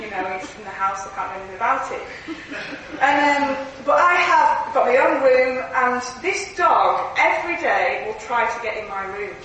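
A woman preaching a sermon in a church, earnest and lively, often laughing through her stories. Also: high-pitched, slight background noise. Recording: echoey hall from far off, faint ambience.

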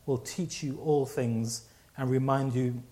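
A man's voice: medium pitch, fairly even intonation, slow, dark tone. A man preaching a sermon, telling a personal story with many restarts and repeats.

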